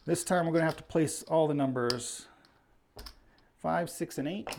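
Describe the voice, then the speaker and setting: A livestream host plays and talks through the action at a moderate pace, his slightly high voice carrying some vocal fry over faint background noise. Chatty and a little breathless, he reads out the names of viewers.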